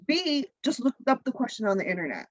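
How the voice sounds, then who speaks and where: A woman guest on a podcast, a content creator and comedian, talking in a blunt, profane, animated way. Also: high-pitched, fast, no room sound, lo-fi sound. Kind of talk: casual interview chat.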